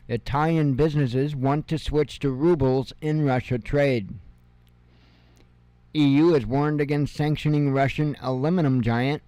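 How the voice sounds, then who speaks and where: A man in his fifties reads out news headlines one after another, stopping to toss in sarcastic, chuckling remarks. He talks slowly and unhurriedly, and his voice comes through smooth and clear, recorded dry and close to the mic. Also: medium pitch, mellow, dry recording. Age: 50s. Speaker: news show host. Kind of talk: casual headline reading with commentary.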